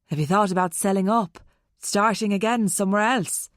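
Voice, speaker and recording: A woman voicing a gentle, calm teenage boy who talks in a reassuring way. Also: mid-range voice, moderate pace, no echo, studio quality, close to an everyday voice.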